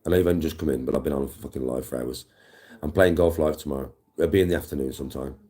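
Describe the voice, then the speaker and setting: A man's voice: very deep voice, fast talker, warm tone. A man, chatting casually on a live stream, swearing freely and greeting viewers. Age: 40s. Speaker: livestreamer.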